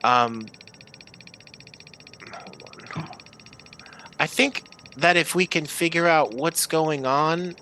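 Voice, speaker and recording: A man's voice: fairly high pitch, slow pace, long pauses, pushed and bright, a little hiss or hum, voice pushed up. A man voicing a nervous young female half-elf scholar who stammers and fumbles her words. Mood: nervous earnest. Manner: stammering, flustered.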